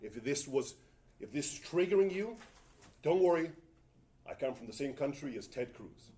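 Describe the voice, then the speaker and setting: A man's voice: medium pitch, animated, normal speed, dark tone, a little hiss or hum. A man giving a tech talk at a conference, rambling and self-mocking with jokey asides. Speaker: conference presenter. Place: conference room.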